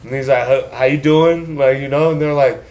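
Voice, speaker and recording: A man's voice: mid-range voice, fairly even intonation, a little fast, a little mellow. A man from San Francisco telling loose, profane stories in casual chat, acting out the people he quotes.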